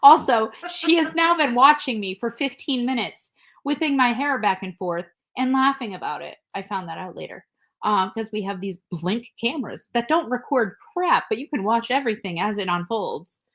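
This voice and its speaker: A podcast co-host with a fairly high voice speaks at normal speed while telling a story. She is casual and animated, laughing frequently and acting out others' lines.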